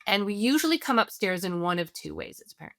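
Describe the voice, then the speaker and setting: A woman speaking as a parenting expert guest on a podcast interview. She explains at a middling pitch, walking through everyday scenarios and checking in with her listeners as she goes. Her voice is dry and close to the mic. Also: sing-song, quick pace, creaky, fairly bright tone, no room sound. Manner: explains through acted scenarios, often asks "right?".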